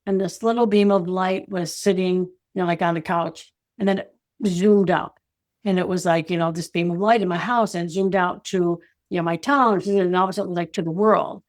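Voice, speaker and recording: Reflective woman with a lowish voice. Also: fairly even intonation. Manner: reflective, halting, full of "you know" and "like". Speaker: intuitive guide and energy advisor, guest. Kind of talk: personal story told in an interview.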